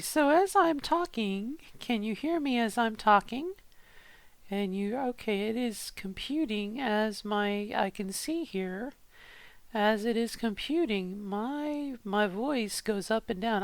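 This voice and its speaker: A middle-aged woman talks slowly and hesitantly in a casual vlog, thinking aloud and often restarting her sentences. Her voice sits at an ordinary middle pitch and sounds dry and close, with little room around it. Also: vocal fry, no room sound. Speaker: vlogger.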